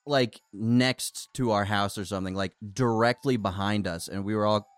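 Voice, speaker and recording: A man's voice: lowish voice, moderate pace, dry recording, clean studio sound. Laughing young man telling a story. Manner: rambling, laughing storyteller with restarts. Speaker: podcast host. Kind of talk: casual chat, storytelling.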